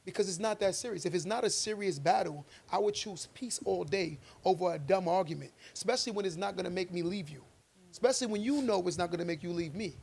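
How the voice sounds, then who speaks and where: A man's voice: sits high, fast, gravelly, a little mellow, slightly rough. A man co-hosting a podcast, arguing his view with emphatic, preachy conviction and telling stories along the way. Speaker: podcast co-host. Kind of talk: casual debate chat.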